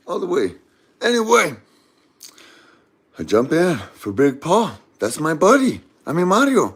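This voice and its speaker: A man's voice: fairly high pitch, sing-song, moderate pace, fairly bright tone, husky. A man telling a comedic story in a rambling way, mixing up names and correcting himself as he goes.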